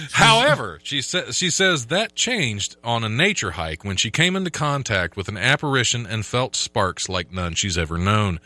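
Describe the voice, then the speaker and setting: A man's voice: medium pitch, big pitch swings, normal speed, pushed and bright, no echo. A man hosting a casual podcast, reading odd news stories aloud and laughing often. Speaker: podcast host.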